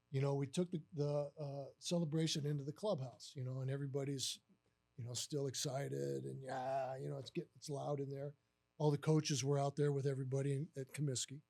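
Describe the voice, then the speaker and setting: An older man with a fairly high voice spins a long story as a podcast guest. He fills his lines with "you know" and "uh," and he jumps into the quoted voices of the people in the tale. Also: creaky. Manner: animated storyteller who acts out quoted voices with many fillers. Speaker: guest, former baseball catcher.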